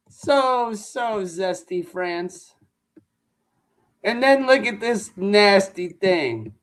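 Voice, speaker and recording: A man hosting a live-stream reaction, mocking what he watches with loud outbursts and laughs. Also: sits high, takes it slowly.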